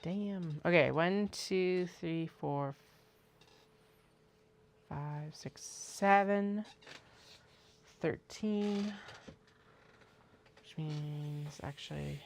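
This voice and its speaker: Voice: medium pitch, extremely slow, vocal fry, pauses often, slight background noise. A craft maker chatting casually on a livestream, muttering to themself and counting pieces aloud while working.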